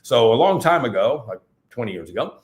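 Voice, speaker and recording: A man's voice: mid-range voice, fairly quick, echoey room. A man speaking at a live event, emphatic and repetitive as he drives his points home. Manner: animated, repetitive, emphatic delivery. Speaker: seminar speaker. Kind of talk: live talk at a festival.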